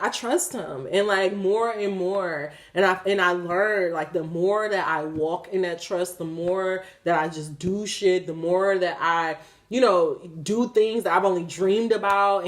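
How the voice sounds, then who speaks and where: A woman in her thirties talking candidly to her viewers about faith, swearing freely and laughing as she goes. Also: lowish voice. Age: 30s. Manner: profane, animated, laughing, talks straight to viewers. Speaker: spiritual vlogger. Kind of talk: candid spiritual talk to camera.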